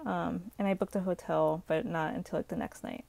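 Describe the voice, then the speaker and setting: Gravelly-voiced young woman telling a rambling story. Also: fairly low pitch, fairly even intonation, brisk, a little mellow. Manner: rambling, filler-heavy, exasperated. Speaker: vlogger. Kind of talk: casual storytime. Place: hotel room.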